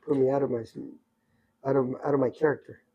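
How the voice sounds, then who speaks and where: A man in his sixties telling rambling, animated stories from his youth in a casual podcast chat. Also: medium pitch, fast talker, breathy edge, muffled recording. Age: 60s. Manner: rambling, animated anecdotes with many asides. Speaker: podcast guest storyteller. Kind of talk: casual storytelling.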